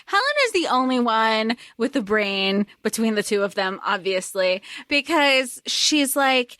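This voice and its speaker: Bright woman podcaster laughing a lot, dry close mic. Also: on the high side, no room sound. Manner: laughs often, quotes lines in exaggerated voices. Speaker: podcast co-host. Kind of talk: casual movie discussion chat.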